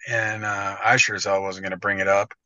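A man's voice: lowish voice, little pitch movement, a little fast, pushed and bright, no room sound. An American man talking as a guest in casual podcast chat, blunt and swearing freely, often stumbling over restarts. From United States. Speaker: guest motocross editor.

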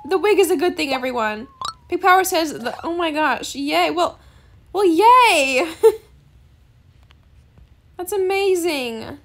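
A woman giving casual commentary on her game, gushing and excitable, with gasps and squeals. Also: very high voice, unhurried, pauses often. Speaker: gaming channel host.

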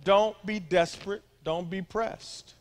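High-voiced male pastor, playful preaching. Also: steady tone, slow pace. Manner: conversational, humorous preaching with asides to the crowd. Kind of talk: sermon.

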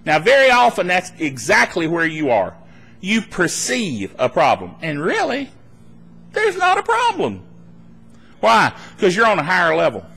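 A man preaching a live sermon at a church meeting, animated and laughing between points, acting out worried voices. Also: on the high side, normal speed, creaky. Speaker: pastor.

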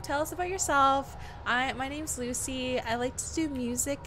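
A woman livestreams a horror game, jumpy and scared, chatting with her viewers and reading the tutorial prompts aloud. Her high-pitched voice moves at normal speed with hardly any pauses, and there is background noise.

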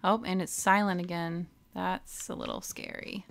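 A woman's voice: on the low side, fairly even intonation, normal speed, creaky. A woman with an Australian accent commentating a video game, reacting emotionally with frequent exclamations and reading the on-screen text aloud. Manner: emotional, exclaiming, laughs often. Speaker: let's play host. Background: game music.

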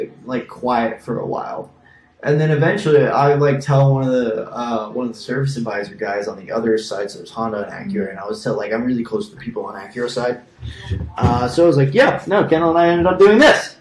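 In an echoey room, this young podcast co-host speaks at a moderate pace in a medium-pitched voice. He rambles through a story loaded with fillers and asides, laughing at his own stories.

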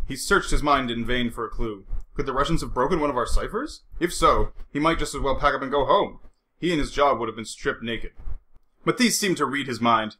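Lively, bright male book narrator. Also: medium pitch, a little fast. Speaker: audiobook narrator. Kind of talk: audiobook reading. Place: room at home.

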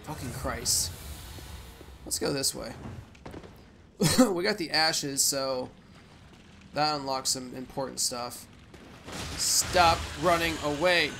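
A young man hosting a let's play, giving rambling, profane gameplay commentary with sudden loud outbursts. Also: on the high side, slow, creaky, pauses often, music in the background.

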